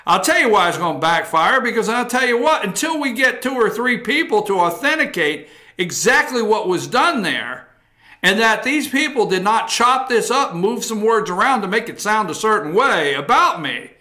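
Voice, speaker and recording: A man's voice: sits high, very animated, normal speed, sharp tone, full character voice. A man playing a defiant male politician who dodges a reporter's questions in an indignant, evasive way.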